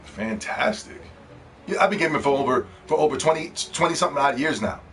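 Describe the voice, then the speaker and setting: A man's voice: on the high side, racing, a bit bright, a little hiss or hum. A man giving a profane, scornful rant about video games, mocking other players as he talks, with faint music behind. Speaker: video game commentator. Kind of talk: ranting game commentary.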